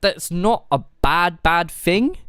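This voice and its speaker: A man's voice: high voice, expressive, slow pace, fairly bright tone, smooth, no room sound, clean studio sound. A man on a live stream reviewing new rap songs, thinking aloud and repeating lyrics to pick apart their rhymes. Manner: analytical, thinks aloud with fillers, repeats lyrics to break them down. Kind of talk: casual live-stream music reaction and breakdown.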